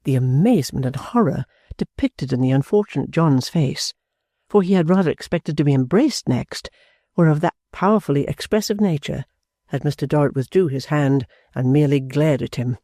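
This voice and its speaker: This audiobook narrator reads a classic novel at an even, measured pace. The voice is mellow and relaxed, recorded dry and close with no room sound. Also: mid-range voice, dry recording.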